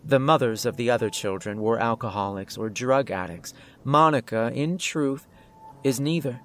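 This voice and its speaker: A man reading a calm, menacing doctor who speaks politely with clinical detachment. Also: medium pitch, normal speed, a little hiss or hum, lightly acted. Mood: coldly polite.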